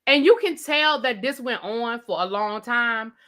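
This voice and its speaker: Host type: woman with a DC accent, bright forceful voice, loose sassy live-chat rant delivery. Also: on the high side, expressive, unhurried. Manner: chatty, reads and answers live chat, sassy slang.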